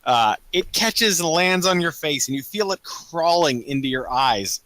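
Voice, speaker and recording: A young man running a tabletop game as game master, halting with many ums and casual swearing. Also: a little high, animated, pushed and bright. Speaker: dungeon master.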